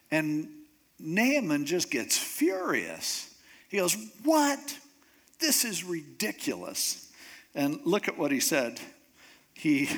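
A man's voice: mid-range voice, fairly bright tone. A man preaching a sermon, retelling a scripture story in a casual, conversational way and acting out the characters' voices. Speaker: pastor.

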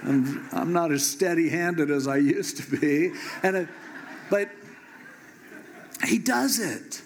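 Man, preacher, humorous Bible storytelling, slightly high voice. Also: measured pace, a little hiss or hum. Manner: casual, joking, animated.

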